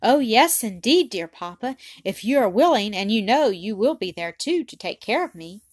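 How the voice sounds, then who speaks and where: A woman voicing a meek, devoted little Victorian girl who speaks earnestly and obediently, with raised pitch. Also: big pitch swings, normal speed, no room sound, clean studio sound. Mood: eager.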